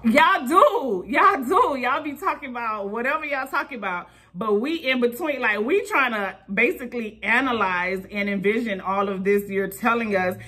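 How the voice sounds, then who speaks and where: A woman, chatting casually as a vlogger in an animated, storytelling way. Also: a little high, normal speed, few pauses, dry recording. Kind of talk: casual vlog chat. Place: outdoors at a bus stop, vehicles passing.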